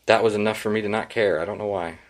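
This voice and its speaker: Guy with a lowish voice doing an unscripted headline rant, swears a lot, sarcastic. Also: steady tone, fast talker. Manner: sarcastic, profane, rambling. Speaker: podcast host.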